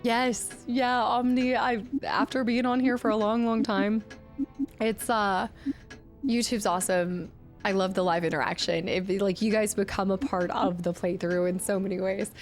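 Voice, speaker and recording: A woman livestreamer chatting casually while playing a game, gushing and excitable, thanking viewers by name. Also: medium pitch, moderate pace, soft background music. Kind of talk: casual game stream chat.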